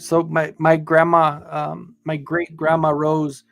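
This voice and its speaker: A man's voice: on the high side, monotone, slow, vocal fry, faint music behind. A middle-aged man from Southern Colorado with a Southern Colorado accent, rambling and swearing cheerfully as he hosts a casual live stream. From Southern Colorado, USA. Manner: rambling, chatty, profane, upbeat. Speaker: livestream host.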